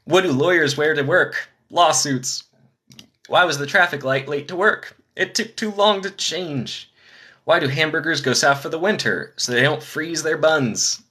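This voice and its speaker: Bright-voiced man firing off dad jokes. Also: fairly high pitch, slightly rough. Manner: rapid-fire jokes with chatty asides to viewers. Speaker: live streamer telling dad jokes. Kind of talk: casual live-stream joke reading.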